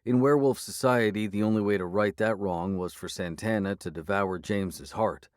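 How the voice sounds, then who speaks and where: A man narrating an urban fantasy audiobook in the first person, measured and steady. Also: lowish voice, dry recording, studio quality.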